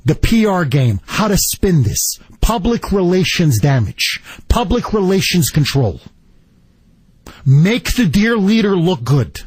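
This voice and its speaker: A man's voice: high-pitched, sing-song, takes it slowly, a little mellow, breathy edge, dry recording. A man hosting a political talk radio show, delivering an indignant, emphatic monologue full of repetition.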